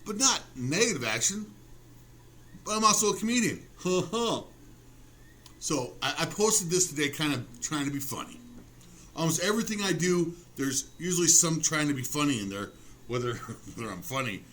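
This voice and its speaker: A man in a rambling vlog rant, his voice sitting a little high and swinging widely in pitch. He swears freely and mocks himself with a sarcastic edge, often restarting his sentences. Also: expressive, brisk, sharp tone. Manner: profane, sarcastic and self-mocking, with many restarts. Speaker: vlogger. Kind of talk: rambling casual rant to camera.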